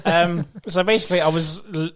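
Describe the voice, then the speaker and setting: Laughing, animated man telling stories. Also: fairly high pitch, brisk, background noise. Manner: animated storyteller, laughs often. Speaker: podcast co-host. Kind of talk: casual chat among friends.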